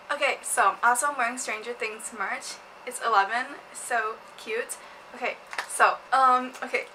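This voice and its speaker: A woman's voice: high-pitched, sharp tone, a little hiss or hum, low-quality recording. A young woman vlogging about a book, giggly and gushing, laughing and apologizing as she talks. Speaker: booktube vlogger. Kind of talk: casual chat.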